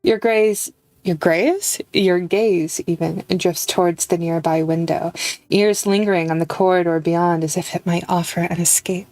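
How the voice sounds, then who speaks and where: A woman's voice: on the low side, fairly even intonation, normal speed, darkish tone, no echo. A young woman streaming a visual novel, chatting playfully with viewers and reading the game's lines aloud. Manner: playful and giggly, reads lines in character. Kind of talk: casual live-stream chat and reading game text aloud.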